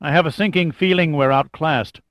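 A man's voice: on the high side, normal speed, a bit bright, no echo, voice pushed up, lightly acted. A man reading an audiobook, voicing a wisecracking male sidekick who grumbles with dry, mock-weary humor. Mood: sardonic. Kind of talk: audiobook character voice. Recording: dull lo-fi dry recording.

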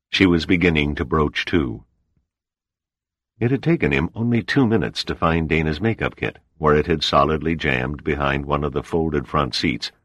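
Very deep-voiced male audiobook narrator. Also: fairly bright tone, dry recording, clean studio sound. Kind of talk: scripted narration.

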